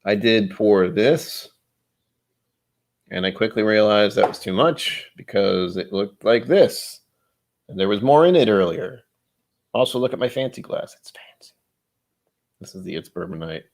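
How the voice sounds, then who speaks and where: A man hosting a livestream talks over drinks in a lowish voice, measured and broken by long pauses. His casual chat wanders, mixing jokes with self-mockery.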